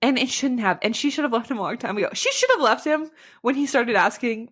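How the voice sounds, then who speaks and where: A woman's voice: a little high, lively intonation, fairly bright tone. A young woman co-hosting a podcast, recapping a book in a chatty, sarcastic way with frequent laughs. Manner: chatty, sarcastic, laughs often, quick asides. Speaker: podcast co-host. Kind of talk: casual chat recapping a book.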